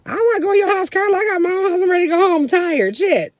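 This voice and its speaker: A woman's voice: a little high, animated, quick pace, no echo, voice pushed up, lightly acted. A woman voicing a blunt, impatient middle-aged mother who curses and brushes people off. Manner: brusque, cursing, dismissive.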